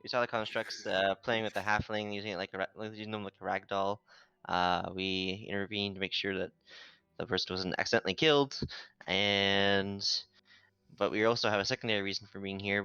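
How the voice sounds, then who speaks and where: Guy at a tabletop game, lowish smooth voice, dry dull sound, kinda halting. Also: level tone, bright, forceful tone, dry recording. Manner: hesitant, halting. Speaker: player. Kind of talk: casual tabletop play.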